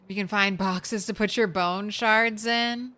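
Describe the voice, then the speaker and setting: A woman's voice: medium pitch, fairly even intonation, measured pace, sharp tone. A woman streamer giving casual, chatty commentary while playing a game, talking to herself and to the game late at night.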